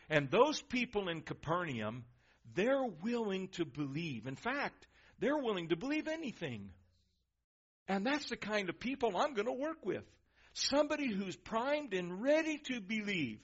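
A man preaching a sermon in a church, emphatic, asking the congregation questions and swinging from loud to soft. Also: high-pitched, big pitch swings, measured pace, breathy edge, lo-fi sound. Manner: emphatic, varies volume, asks the crowd questions.

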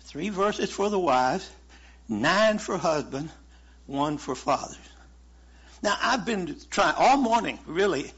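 Guy preaching a sermon, chatty and folksy, kinda husky, dull lo-fi sound. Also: sits high, animated, takes it slowly, fairly bright tone. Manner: folksy, conversational preaching with chuckles. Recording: muffled lo-fi sermon recording.

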